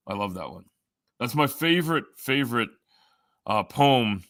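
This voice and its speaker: Profane rambling Canadian man, bright voice. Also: medium pitch, lively intonation, moderate pace, dry recording, studio quality. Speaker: live stream host. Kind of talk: casual chat reading viewer comments.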